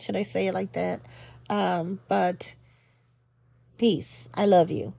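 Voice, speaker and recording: A woman's voice: medium pitch, expressive, takes it slowly, creaky, pauses often, dark tone, dry recording. A young woman hosting a podcast, giving a casual devotional talk in an affectionate, preacherly way with frequent fillers. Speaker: podcast host.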